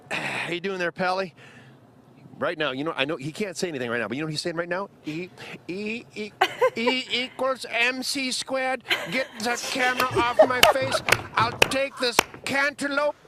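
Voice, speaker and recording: A man's voice: sits high, moderate pace, noisy background. A man presenting live on air, joking playfully about a child on camera. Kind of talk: live broadcast banter.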